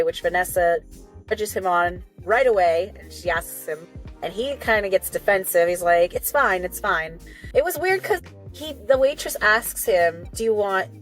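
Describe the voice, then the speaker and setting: A woman hosting a reaction video, recapping an episode in a chatty, rambling way with little asides and apologies. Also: medium pitch. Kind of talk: casual recap and commentary.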